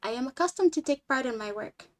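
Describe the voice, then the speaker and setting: Woman reading as a tired alien guy, slow stiff formal talk, lowish and quiet. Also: expressive. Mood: grave. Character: tall grim male alien scout, weary.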